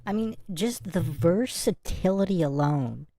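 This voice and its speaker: A woman's voice: fairly low pitch, animated, a little slow, warm tone, dry recording. A woman hosting a livestream, commenting in a sarcastic, mock-admiring tone. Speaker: livestream host. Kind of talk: casual chat.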